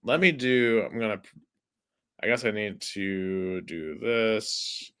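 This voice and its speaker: A man's voice: lowish voice, slow, a bit bright, smooth. A man hosting a casual sports podcast, chatty and filling his talk with "like". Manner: chatty, heavy use of "like". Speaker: podcast host.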